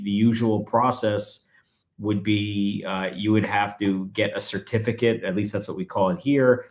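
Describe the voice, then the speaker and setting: A man, a guest attorney, explaining legal procedure in conversation and growing emphatic when he presses a point. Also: on the low side.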